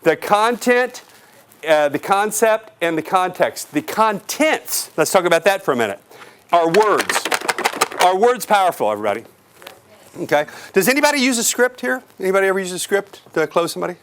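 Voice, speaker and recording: A man giving an energetic real estate sales training seminar to a live audience, asking the crowd questions and acting out clients. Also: sits high, moderate pace, clean tone. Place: office or meeting room with an audience.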